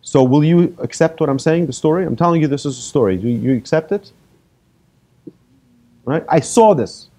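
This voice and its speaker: A rabbi giving a lively talk to an audience, telling made-up stories and asking the listeners questions. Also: male voice, on the high side, normal speed, pauses often. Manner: animated, asks the audience questions, tells hypothetical stories. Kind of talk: lively lecture to a live audience.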